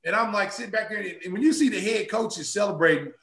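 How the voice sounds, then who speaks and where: A man in his fifties, a guest telling a casual anecdote, animated and laughing often as he acts out other people's lines. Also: sits high, fast, vocal fry, noisy background. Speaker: guest, former pro basketball player. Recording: roomy echo.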